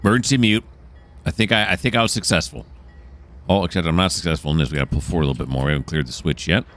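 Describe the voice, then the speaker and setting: A man's voice: sits low, rapid-fire, fairly bright tone. A man narrating a train simulator game as he plays, thinking aloud and correcting himself. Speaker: gameplay commentator. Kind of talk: relaxed let's-play narration.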